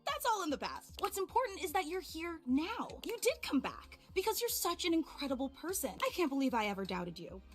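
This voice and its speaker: A woman's voice: very high voice, very animated, fairly quick, hardly any pauses, faint music behind. A woman voicing a clingy, overemotional female fan in a game, gushing and tearful. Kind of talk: game voice acting.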